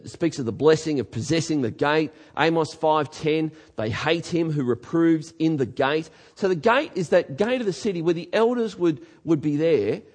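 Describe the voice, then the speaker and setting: High-voiced emphatic preacher. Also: male voice. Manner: emphatic, swings from quiet to shouting. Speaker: pastor. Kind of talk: sermon.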